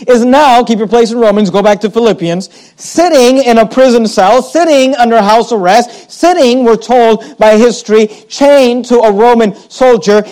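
A man preaching a sermon, slowing down to stress scripture and voicing imagined questions from his listeners. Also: very high voice, a little mellow. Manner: emphatic, slows down to stress scripture; quotes imagined listeners in a rising voice.

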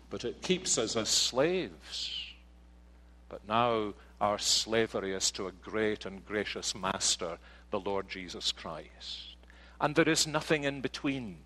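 A man's voice: lowish voice, fairly bright tone, poor audio. A man preaching a sermon, earnest, with rhetorical questions and homely anecdotes. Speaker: pastor.

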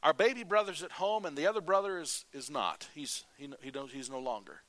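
A man preaching a sermon, retelling a Bible story in a lively way and acting out what the characters say. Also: fairly high pitch, brisk.

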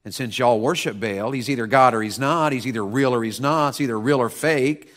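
A man's voice: medium pitch, fairly quick, fairly bright tone, natural voice. A man voicing a blunt, bold male prophet who talks in a folksy, teasing way. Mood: challenging.

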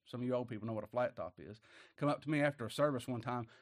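An older man preaching a sermon, swinging from hushed words to loud emphatic passages. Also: mid-range voice, rapid-fire, no echo, clean studio sound. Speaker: pastor.

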